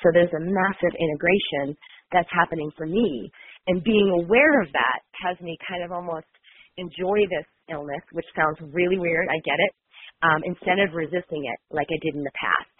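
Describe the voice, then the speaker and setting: A woman's voice: lowish voice, moderate pace, slightly rough. Nasal, congested woman on a call. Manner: flowing, earnest, with many um's. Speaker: guest, healer. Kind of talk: reflective conversational talk. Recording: phone-like call audio.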